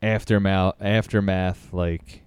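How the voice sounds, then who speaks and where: A man co-hosts a casual podcast, rambling through his thoughts with filler words and the odd curse. His voice sits a little low and sounds smooth. The mic is close and dry. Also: little pitch movement, slow pace, a little mellow, dry recording. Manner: loose, rambling, lots of "like" and swearing. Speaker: podcast co-host. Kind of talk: casual chat about movies.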